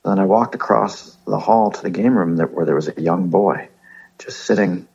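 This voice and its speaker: Hushed gravelly man on a call. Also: sits low, moderate pace, lo-fi sound. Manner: hushed, storytelling with put-on voices. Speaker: podcast co-host. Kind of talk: casual chat. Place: condo computer room. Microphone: remote call with headphones.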